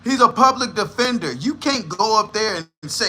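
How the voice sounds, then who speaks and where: A man's voice: high-pitched, lively intonation, normal speed, sharp tone, a little hiss or hum. A man hosting a livestream, giving blunt, profane and scornful reaction commentary. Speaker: livestream host.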